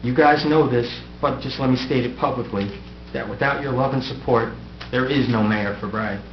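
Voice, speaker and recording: Standing at the council dais, the outgoing mayor, a middle-aged man, reads a farewell speech he prepared, joking wryly at his own expense. He talks at medium pitch and moderate pace, and the audio is a dull, echoey, noisy room recording.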